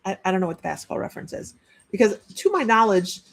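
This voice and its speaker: Husky, gravelly-voiced woman medium. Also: mid-range voice, sing-song, quick pace. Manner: chatty, relays messages with frequent restarts. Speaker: psychic medium. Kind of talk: live-streamed psychic reading.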